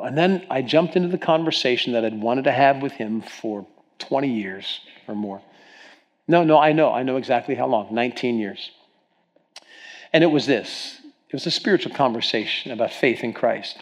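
A man's voice: medium pitch, moderate pace. A middle-aged man from Ohio preaching a sermon, telling stories earnestly with frequent restarts and stammers. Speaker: pastor.

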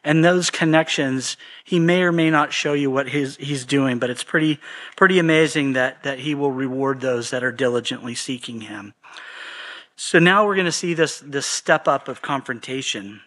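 A man teaching from the Bible in a relaxed, conversational way, retelling scripture in everyday slang. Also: medium pitch, normal speed.

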